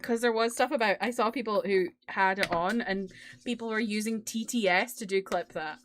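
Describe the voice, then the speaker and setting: A woman's voice: medium pitch, normal speed, a little hiss or hum. A woman streamer with a British accent that drops her T's, chatting casually and giggling between games at a desk microphone. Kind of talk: casual live-stream chat. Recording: faint music behind.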